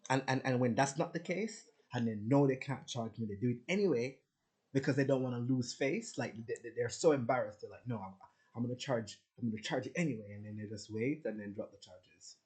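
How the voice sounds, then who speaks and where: A man's voice: medium pitch, brisk, darkish tone. A man talking casually to his viewers in a rambling, boastful, profane rant. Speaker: spiritual vlogger. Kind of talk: casual ranting monologue.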